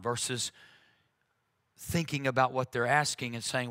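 A man's voice: mid-range voice, steady tone, unhurried, sharp tone. A man preaching a conversational sermon, talking earnestly and frankly, with frequent "uh"s and restarts.

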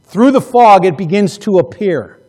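A male pastor preaching a sermon, emphatic, repeating key phrases and swinging between loud passages and hushed ones. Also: sits high, expressive, normal speed.

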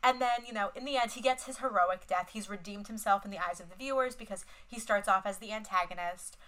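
A woman's voice: medium pitch, fast, a bit bright, poor audio. A young woman co-hosting a podcast, chatting casually and retelling film scenes with lots of fillers and swearing. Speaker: podcast co-host. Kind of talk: casual chat.

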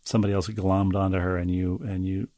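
A man co-hosting a casual podcast, reading listener mail aloud and teasing his co-host in a wry, halting way. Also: low voice, little pitch movement, warm tone, no room sound.

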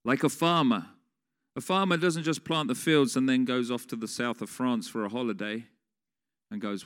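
A man preaches conversationally at a moderate pace, putting questions to the congregation. His mid-range voice is a bit bright with lively intonation, recorded with the long reverb of a large hall.

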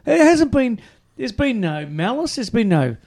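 A man's voice: very high voice, big pitch swings, unhurried, darkish tone, slight background noise. A middle-aged Australian man co-hosting a casual radio chat, telling rambling stories and repeating himself. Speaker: radio show co-host. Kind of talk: casual banter.

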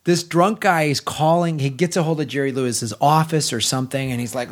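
A man's voice: a little high, a little fast. A man hosting a podcast talks in a slightly raised voice, rambling through stories in easy, profane conversation. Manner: loose, swearing conversational storytelling. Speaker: podcast host. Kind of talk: casual chat.

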